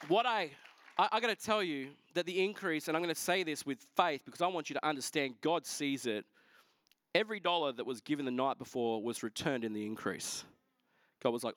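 A man's voice: medium pitch, animated, brisk, fairly bright tone, no echo, clean studio sound. A man, telling a story as a pastor in a sermon, acting out the other people in quotes. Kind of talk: sermon testimony.

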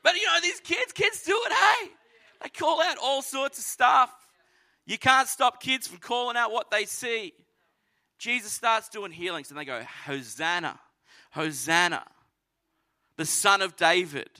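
A man preaching a sermon, telling the story with animated energy and acting out voices. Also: very high voice, a little slow. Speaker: pastor.

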